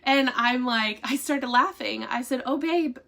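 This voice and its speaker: A woman's voice: fairly high pitch, steady tone, a little slow, creaky, bright, forceful tone. A woman vlogging to her viewers in a casual, rambling way, with many fillers and restarts. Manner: laughs while telling a story. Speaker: vlogger giving family updates.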